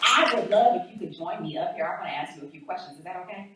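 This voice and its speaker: A woman moderating a comedy panel, speaking in a warm, grateful and chatty way. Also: fairly low pitch, animated, quick pace. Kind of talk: event hosting. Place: event hall on campus. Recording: echoey hall, distant mic, background noise.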